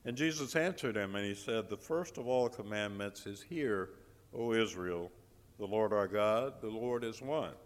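A man preaching a sermon, telling a story with dramatic pauses and emphatic repetition. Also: lowish voice. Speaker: guest preacher. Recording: long hall reverb.

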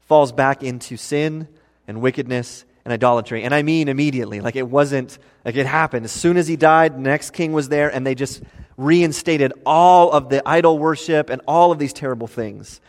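A man teaching a sermon, explaining a Bible passage in an earnest, animated way. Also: on the high side, long reverb tail. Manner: earnest, animated when voicing complaints. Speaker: preacher.

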